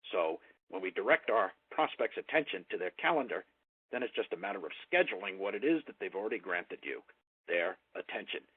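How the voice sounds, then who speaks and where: A man coaching sales calls, with a lively voice that rises and falls to stress key words. His voice is a little husky and comes through a tinny, phone-like line with no room echo. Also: fairly low pitch, a little fast. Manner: emphatic voice inflection, coaching tone. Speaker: sales trainer. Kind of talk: instructional talk.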